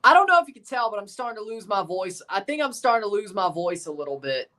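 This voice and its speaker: Young male streamer, slightly hoarse, casual play-by-play over a live match. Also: high voice, very animated, fast talker, sharp tone. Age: 20s. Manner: chatty, running play-by-play asides. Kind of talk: livestream watchalong commentary.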